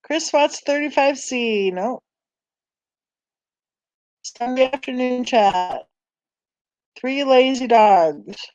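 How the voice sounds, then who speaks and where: A woman's voice: high voice, drawn-out words, pauses often, a little mellow, no echo, muffled recording. A woman hosting a casual live-stream chat on a true crime channel, rambling and thinking aloud as she browses, sighing and sounding tired.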